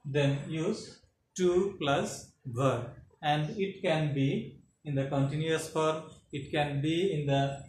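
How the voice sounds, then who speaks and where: A man's voice: a little high, slow pace, a little mellow. A man teaching an English grammar lesson, explaining step by step and checking in with "okay" and rhetorical questions. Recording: echoey room with faint ambient noise.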